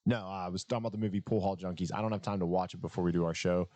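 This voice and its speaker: Low-voiced easygoing man on a podcast, dry sound. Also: steady tone, mellow, dry recording. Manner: easygoing, quick to laugh, swears casually. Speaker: podcast co-host. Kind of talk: casual chat.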